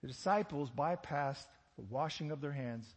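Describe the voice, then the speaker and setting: Male pastor, sermon, fairly high and husky, joking asides, big echoing hall. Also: moderate pace. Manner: animated, rhetorical questions, joking asides.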